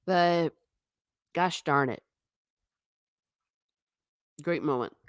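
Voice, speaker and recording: A woman with a low-pitched voice chats her way through a TV review on a live stream, slipping into the characters' lines as she retells scenes. The sound is dry and close, with no room echo. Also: extremely slow, clear, resonant tone. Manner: animated, acts out quotes from scenes. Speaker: TV show reviewer.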